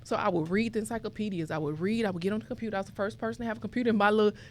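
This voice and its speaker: Podcast guest, young woman, lively storytelling, faint noise behind. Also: mid-range voice, very fast. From Mississippi. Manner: animated, acts out quoted voices. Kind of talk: conversational storytelling.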